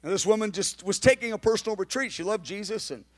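A man preaching a sermon in an animated, emphatic way, sometimes shouting, with conversational asides and restarts. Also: high voice, fast. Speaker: pastor.

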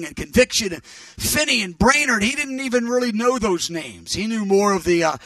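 A man's voice: high-pitched, animated, normal speed, fairly bright tone, no room sound, far from the mic. A middle-aged man preaching, earnestly telling a story from his ministry and quoting what others said. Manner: earnest, recounting events with quoted dialogue. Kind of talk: sermon testimony storytelling.

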